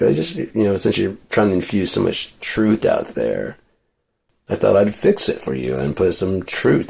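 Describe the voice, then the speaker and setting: Very deep, gravelly man venting. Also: sing-song, moderate pace, darkish tone. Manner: rambling, profane, restarts often. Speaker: vlogger. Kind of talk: casual venting monologue.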